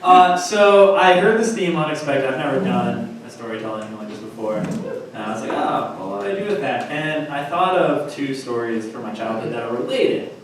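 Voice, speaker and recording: A man's voice: medium pitch, normal speed. A man opening a story at a live storytelling night, easing in hesitantly. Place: comedy club stage. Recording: echoey room from far off, noisy.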